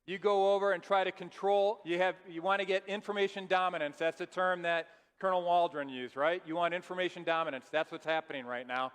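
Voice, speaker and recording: A man's voice: high voice, fairly even intonation, a little fast, few pauses, a bit bright, clear, resonant tone, big-room sound. A man wrapping up his presentation at a live event, earnestly urging the audience to share what they learned. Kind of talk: closing remarks at a live event.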